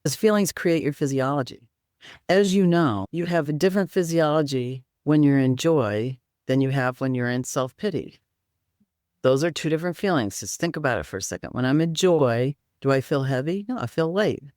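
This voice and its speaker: A woman's voice: low voice, expressive, normal speed, darkish tone, no room sound, clean studio sound. A woman guest in an interview, explaining healing practices and teaching simple exercises step by step. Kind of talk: interview conversation.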